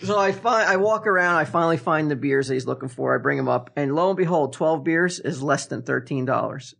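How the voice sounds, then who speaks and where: Man, podcast co-host, casual storytelling, gravelly, husky. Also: a little high, a little fast, fairly bright tone. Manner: rambling storyteller, laughs often. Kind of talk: casual chat.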